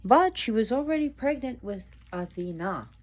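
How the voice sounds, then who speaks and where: A woman presenting a casual educational video at home, talking slowly and deliberately and repeating words for emphasis. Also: on the high side, very animated. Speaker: video presenter on mythology and witchcraft. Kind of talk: casual educational talk to viewers.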